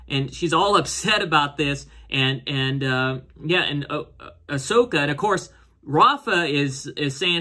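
A man with an animated, sharp voice speaks at a measured pace as he casually recaps and reviews a TV episode. He rambles with lots of fillers and restarts, raising his pitch to voice the characters' lines.

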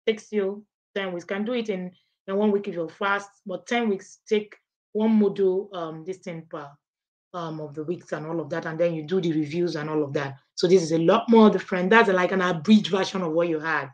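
A woman's voice: on the low side, fairly quick. A middle-aged woman, giving a live online parenting class and answering questions. She talks emphatically, repeats her points and keeps checking in with "okay?". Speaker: parenting coach.

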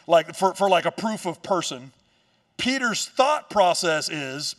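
A man preaching a sermon as pastor, telling a Bible story in a casual, joking way with quick asides. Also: sits high, very animated, fairly bright tone, recorded from a distance. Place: church stage.

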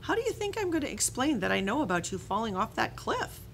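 A woman's voice: fairly high pitch, sing-song, fast, creaky, a little hiss or hum, voice pushed up. A woman voicing a worried young schoolboy in a storybook reading. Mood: pleading.

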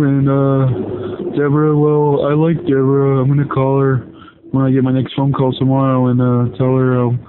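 A man's voice: mid-range voice, monotone, noisy background. Rambling man on a tinny phone line. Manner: rambling, halting improv delivery. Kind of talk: improvised comedy phone skit.

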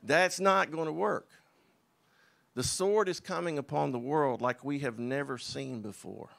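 Gravelly, emphatic preacher man. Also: on the high side, a little slow, a bit bright. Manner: emphatic, conversational preaching with scoffing asides. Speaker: pastor. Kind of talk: sermon.

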